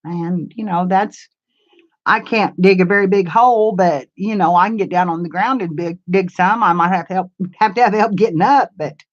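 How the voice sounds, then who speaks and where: A woman's voice: lowish voice, normal speed. Older woman rambling on a dull live stream. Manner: rambling, homey, answers viewer comments. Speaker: craft channel host. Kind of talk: casual live-stream chat. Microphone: camera mic.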